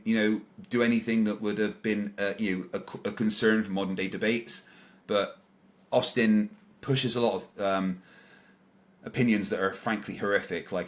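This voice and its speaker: A man with a low, deep voice tells a story as a podcast guest. He replays each exchange line by line, quoting both sides, and fills the gaps with ums, uhs and false starts. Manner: retells encounters with quoted dialogue, many fillers and restarts. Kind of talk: casual storytelling in an interview.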